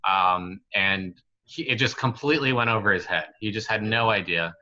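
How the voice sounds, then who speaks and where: A man in his twenties telling a story as a guest on a casual podcast, chatty and relaxed, full of fillers like "like" and "you know". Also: fairly low pitch, normal speed. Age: 20s. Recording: slightly muffled lo-fi recording.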